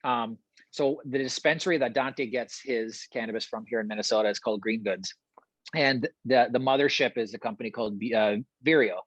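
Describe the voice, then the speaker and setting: A middle-aged man, a guest in a casual podcast interview, telling stories with energy, often repeating words and laughing quickly. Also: mid-range voice, no room sound, rough recording. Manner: animated storyteller, repeats himself, quick laughs.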